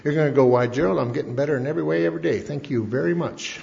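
A man's voice: on the high side, racing, vocal fry, very noisy. A man quoting an older male mentor giving firm instructions. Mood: bossy. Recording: dull lo-fi recording in an echoey hall.

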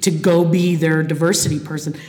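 A woman's voice: sits low, steady tone, a little fast, darkish tone. A speaker from the Cleveland area of Ohio, sharing her story from a podium at a recovery meeting, candid and full of swearing and restarts. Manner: candid and profane, with frequent fillers and restarts. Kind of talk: personal testimony from a podium. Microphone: podium microphone. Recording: echoey hall reverb.

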